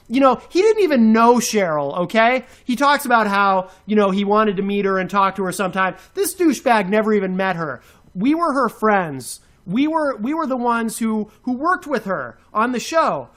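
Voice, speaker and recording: A man's voice: high-pitched, expressive, moderate pace, fairly bright tone. A man co-hosting a radio show, ranting furiously with sarcastic, insulting outbursts. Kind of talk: angry on-air rant.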